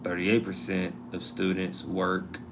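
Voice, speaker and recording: A man's voice: sits low, monotone, a little slow, background noise. A man hosting a live stream, chatting casually to viewers and reading an article aloud, sometimes turning away from his mic.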